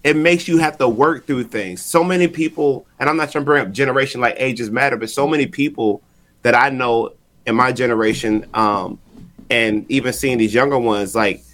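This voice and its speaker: A man's voice: mid-range voice, moderate pace, a bit bright. A man speaking candidly on a podcast about his marriage and ministry, telling a personal story in an earnest way and repeating phrases for emphasis.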